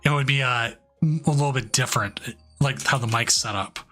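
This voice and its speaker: A man hosting and commentating a card game tournament stream, relaxed and joking, with loose filler words. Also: medium pitch, normal speed, faint music behind. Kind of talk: casual live game commentary.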